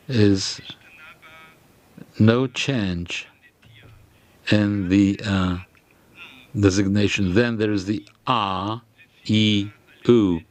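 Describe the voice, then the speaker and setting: Slow, hesitant male lecturer. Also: on the low side. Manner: slow and hesitant, with frequent fillers and restarts. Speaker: lecturer on grammar. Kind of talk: halting lecture explanation.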